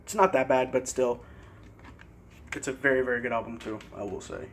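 A young man casually showing his CD collection in a vlog, relaxed and a bit hesitant, pausing over tricky words. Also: medium pitch, a little hiss or hum. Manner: relaxed, hesitant with fillers and careful pronunciation. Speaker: vlogger. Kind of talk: casual CD collection show-and-tell.

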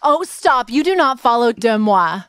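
A woman hosts a comedic podcast, talking in an animated, playful way with quick asides. Her voice sits fairly high. The sound is close and dry. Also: clean tone, dry recording. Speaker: podcast host.

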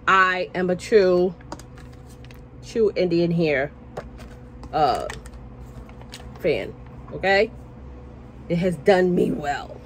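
Chatty and passionate, a woman vlogs indoors at work, repeating points, tacking "okay?" onto her lines, and now and then raising her voice. She speaks in a lowish voice over a rough recording with a bit of hiss or hum.

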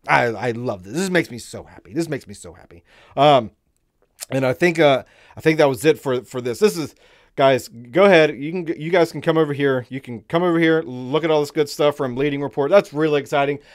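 A somewhat high-voiced man chatting on a live stream, loose and rambling with plenty of fillers and repeated words. He reads headlines out slowly and deliberately, then breaks into excitable, eager commentary. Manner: slows down when reading headlines aloud. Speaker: streamer host.

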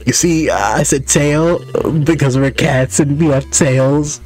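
A man's voice: fairly high pitch, slow, darkish tone, faint music behind, voice pushed up. Man voicing a boastful old storytelling cat. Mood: jokey.

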